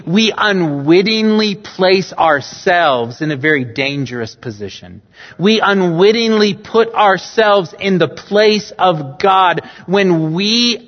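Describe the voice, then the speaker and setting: A male pastor preaching a sermon earnestly, swinging between loud emphatic lines and quiet low ones. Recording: dull sound with long church reverb.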